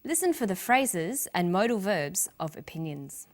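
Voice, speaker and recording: A woman presenting an English lesson, reading example sentences and slowly stressing syllables for learners. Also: mid-range voice, very animated. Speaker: English language teacher. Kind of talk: scripted teaching narration.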